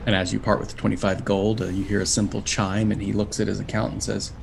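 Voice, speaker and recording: A man's voice: on the low side, flat delivery, quick pace, vocal fry, few pauses, noisy background. A man narrating a tabletop role-playing game as game master, in a descriptive storytelling manner.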